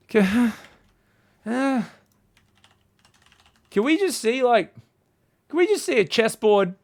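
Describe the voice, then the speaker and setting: A man's voice: sits high, no room sound. A man casting a strategy game in casual, sarcastic commentary, rambling into profane jokes. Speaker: game caster.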